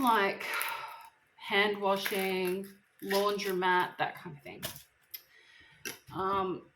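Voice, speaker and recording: A woman's voice: medium pitch, background noise. A woman chatting casually to camera while she cooks. She is teary from chopping onions and keeps groaning about her stinging eyes while she jokes at her own expense. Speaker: vlogger. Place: home kitchen. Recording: echoey kitchen with pot and dish clatter.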